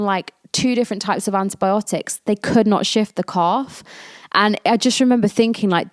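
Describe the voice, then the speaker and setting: A woman's voice: lowish voice, no room sound, clean studio sound. Chatty woman telling her story. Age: 20s. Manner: candid and chatty, acts out quoted dialogue. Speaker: podcast host. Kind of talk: personal storytelling monologue.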